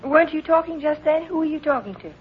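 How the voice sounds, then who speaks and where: A teasing, persistent young wife with a light, coaxing way of talking in an old radio comedy. Her voice is high. The sound is muffled, with faint hiss. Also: expressive, quick pace. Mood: sleepy. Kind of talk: 1940s radio comedy acting.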